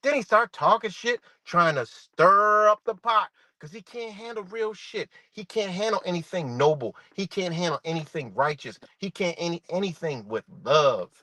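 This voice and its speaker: Man, middle-aged, profane livestream rant, animated swings in pitch, dry close sound. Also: moderate pace, hardly any pauses, dry recording. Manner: animated, swearing, addresses viewers as y'all.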